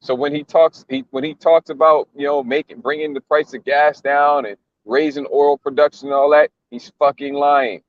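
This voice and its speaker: Dude ranting over a news clip, kinda high voice, dull lo-fi dry sound. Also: male voice, steady tone, moderate pace, hardly any pauses, no echo. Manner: blunt, mocking, slangy, repeats himself. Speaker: commentator reacting to a news clip. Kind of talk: casual religious commentary.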